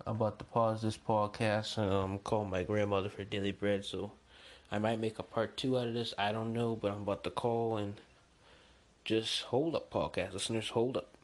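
A young man hosting a solo podcast, chatting in a rambling, excitable, slangy way. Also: fairly low pitch. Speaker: podcast host. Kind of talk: casual solo podcast chat.

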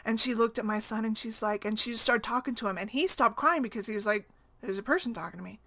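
A woman in her thirties talks in a loose, personal way, with a voice sitting a little higher than most. She is chatty and laughs easily, checking in with the listener by asking "right?" again and again. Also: fast talker, sharp tone. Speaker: single mom blogger. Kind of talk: casual personal talk.

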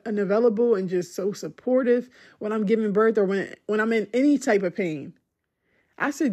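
A young woman hosts a podcast and shares a personal story in a conversational, emotional way, saying "like" a lot. Her medium-pitched voice has a darkish tone and moves fairly quickly.

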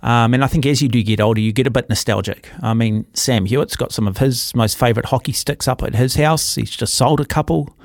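A man's voice: mid-range voice, a little fast, hardly any pauses, dry recording, clean studio sound. A man hosting a radio show, chatting in a rambling, teasing way with plenty of fillers. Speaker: radio host. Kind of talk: casual radio chat. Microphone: studio microphone.

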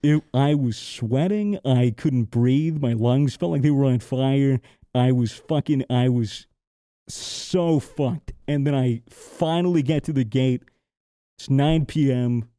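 A man's voice: medium pitch, slow pace, warm tone, dry recording, clean studio sound. A young man from the United States telling a casual story, swearing a lot and acting out the people he quotes. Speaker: podcast co-host.

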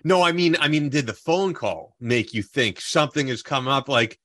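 A man's voice: mid-range voice, expressive, moderate pace, fairly bright tone. A man hosting a podcast, asking eager, probing questions of his guest. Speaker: podcast host. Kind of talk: interview questions.

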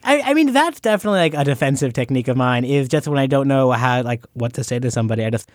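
Self-conscious interview guest, man, stumbling restarts, animated pitch, dry sound. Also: quick pace, no room sound. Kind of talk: conversational interview.

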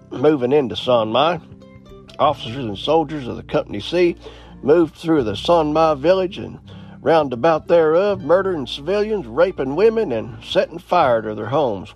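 A man's voice: on the high side, animated, normal speed, a little mellow. Earnest man narrating a history. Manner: earnest read-aloud with small slips and throat clearing. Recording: slightly dull lo-fi audio with faint music.

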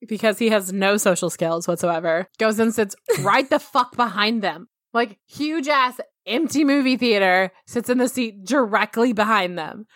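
A woman's voice: mid-range voice, moderate pace, few pauses, fairly bright tone, no room sound, clean studio sound. A woman co-hosting a podcast in casual chat, animatedly recapping a show, acting out quotes and swearing casually. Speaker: podcast co-host.

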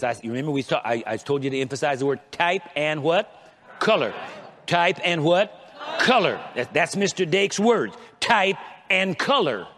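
A man's voice: fairly high pitch, fairly bright tone. A man preaching a sermon as pastor, leading the congregation in call-and-response and often stumbling over repeated words as he builds his point. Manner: repetitive, stammering restarts when making a point. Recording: long reverb of a large church hall.

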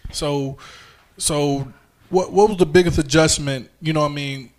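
A man from New York raised in North Carolina, hosting a podcast in a relaxed way and repeating words as he asks questions. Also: on the high side, normal speed. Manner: easygoing, stumbles and repeats words while asking. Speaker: podcast host. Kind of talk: casual interview hosting.

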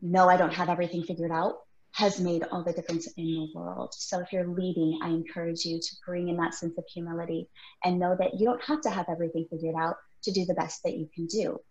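A woman's voice: lowish voice, flat delivery, fast, a little mellow. A woman in her thirties co-hosting a casual talk show, speaking earnestly and encouragingly as she tells a personal story. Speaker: podcast co-host. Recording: roomy, slightly dull sound.

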